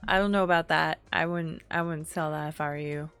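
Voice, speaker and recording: A tired young woman streaming a game, chatting casually with viewers in a slow, drowsy manner, with frequent laughs and sighs along the way. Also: low voice, fairly even intonation, fairly bright tone, smooth, soft background music. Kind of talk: casual gaming stream chat.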